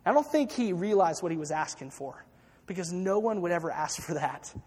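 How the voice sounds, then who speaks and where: A man's voice: high voice, expressive, brisk, a little mellow, long reverb tail. A man preaching a sermon, retelling a story with acted-out quotes and frequent restarts.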